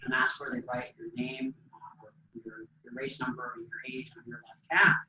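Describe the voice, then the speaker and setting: A man from Minnesota giving an inspirational keynote speech as a motivational speaker, an animated storyteller who acts out the dialogue. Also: mid-range voice, moderate pace, noisy background. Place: presentation hall. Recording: echoey hall, distant mic, dull sound.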